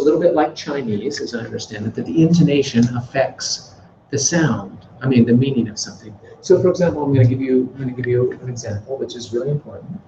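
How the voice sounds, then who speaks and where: A man of medium pitch teaches an introductory Greek class, getting students to repeat drilled words and lengthening words to demonstrate stress. It's a classroom lecture picked up far from the mic, so it sounds distant, roomy, and dull, with background noise.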